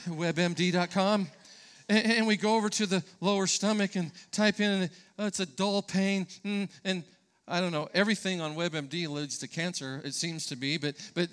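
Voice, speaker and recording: A man's voice: high-pitched, fairly bright tone, clean tone. A pastor preaching a sermon to his congregation, emphatic and conversational, often repeating words and asking the listeners questions.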